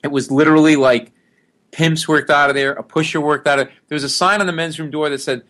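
A middle-aged man spins a story with lively energy and a slightly higher-than-usual voice. He slips into the voices of the people in his tale and keeps the pace rolling in a relaxed interview. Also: quick pace. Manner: animated storyteller who acts out the people in his stories. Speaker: guest.

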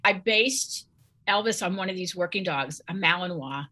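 A woman author speaking as an interview guest, friendly and eager, with quick laughs. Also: lowish voice, animated, sharp tone. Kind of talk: casual chat.

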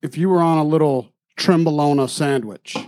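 Male podcast guest, short interjections, slightly higher voice, dry sound. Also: normal speed, darkish tone, dry recording. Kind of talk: casual podcast chat.

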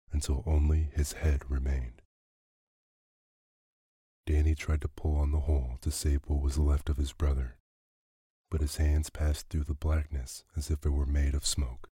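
A man narrating a bedtime story in a slow, even, soothing reading. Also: very deep voice, breathy edge, no echo, studio quality.

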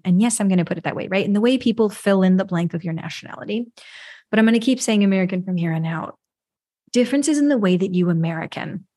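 A woman's voice: medium pitch, darkish tone, dry recording, studio quality. A woman from New York hosting a solo podcast, speaking in a reflective, conversational way and often asking "right?". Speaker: podcast host.

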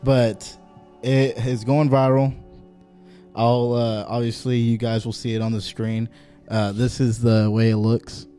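A man co-hosting a casual podcast chat who brings up the topics, relaxed and jokey. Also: mid-range voice, measured pace, faint music behind.

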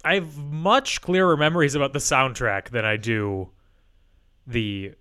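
A man co-hosting a podcast over a remote call, telling rambling stories with deadpan asides. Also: mid-range voice, unhurried, clear, resonant tone. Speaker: podcast co-host. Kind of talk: casual chat. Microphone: remote call mic.

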